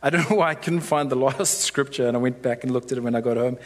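A man's voice: medium pitch, quick pace. A man preaching a sermon to his church in a conversational way, often checking in with "right?".

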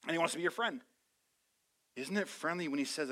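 A man preaching to his congregation in a high, bright voice. He surges into loud, fervent declarations, then drops to soft, chatty asides with easy humor. The delivery is energetic and personal, like a pastor talking straight to his people. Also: fairly quick, long pauses. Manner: energetic, swings from loud fervor to soft intimate asides, joking. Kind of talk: sermon.

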